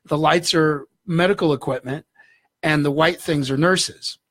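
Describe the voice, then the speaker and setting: A man, a guest in an interview, telling a story in an animated way and acting out the voices in it. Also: a little high, a little slow, dry recording, studio quality. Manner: animated, acts out dialogue in the story.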